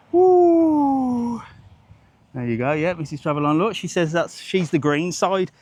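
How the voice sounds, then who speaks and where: A man's voice: on the high side, brisk, few pauses. A man, chatting rambling and jokey on a live walking vlog outdoors, swearing casually, into a handheld phone. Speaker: travel vlogger.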